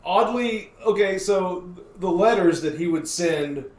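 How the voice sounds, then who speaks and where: A man's voice: sits high, a little slow, a little mellow. Joking man on a basement podcast. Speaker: podcast co-host. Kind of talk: casual podcast chat. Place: home basement. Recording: roomy basement echo.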